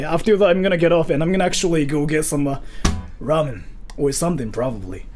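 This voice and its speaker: High-voiced young man, dude-bro banter. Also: lively intonation, brisk, soft background music. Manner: exaggerated surfer-dude talk, repeating dude and bro. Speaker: livestreamer. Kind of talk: casual stream chat, reading viewer messages.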